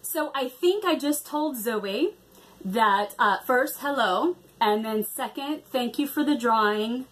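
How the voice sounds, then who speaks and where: A woman's voice: a little high, lively intonation, slow pace, a bit bright. A woman chatting casually in a craft vlog, hesitant with many ums and restarts. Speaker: cross-stitch vlogger.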